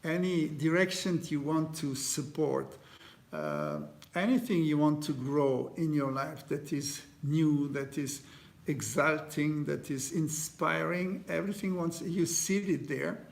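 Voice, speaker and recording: A man leading a guided meditation, speaking gently with many pauses, fillers and restarts, in slightly non-native phrasing. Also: on the high side, expressive, gravelly. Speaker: meditation teacher.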